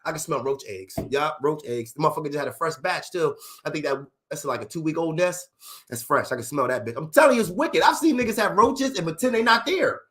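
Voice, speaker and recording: A young man tells comedic stories at a rapid clip, swearing freely and jumping between character voices. His voice sits high for a man and swings widely in pitch. The delivery is loud and animated. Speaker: comedic storyteller.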